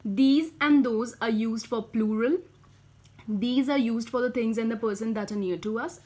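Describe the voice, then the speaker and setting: A woman explaining grammar step by step, often pausing with "you know" and "uh". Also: a little high, darkish tone. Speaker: English teacher.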